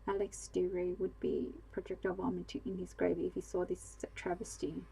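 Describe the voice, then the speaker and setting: A disdainful, snobbish gentleman from a storybook, muttering his scorn slowly, as a woman reader puts him on. The voice is dark and husky, with a creaky low edge. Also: little pitch movement, full character voice, low-quality recording. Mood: scornful.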